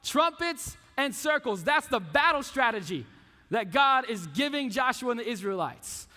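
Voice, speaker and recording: A man's voice: very high voice, moderate pace. A man preaching a youth sermon, telling stories with lots of casual asides. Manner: casual, animated storytelling with frequent asides. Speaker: youth pastor. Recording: reverberant hall.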